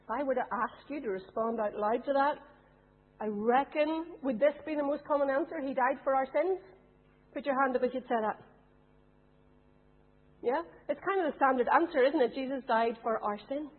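A woman preaches with a high, breathy-edged voice at normal speed, posing rhetorical questions to those gathered. The recording comes across tinny and phone-like.

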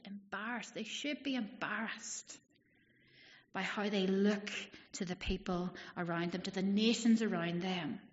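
A woman preaching a sermon, conversational, acting out what people think. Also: mid-range voice. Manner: conversational, acts out the people's thoughts. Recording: dull echoey hall, long reverb.

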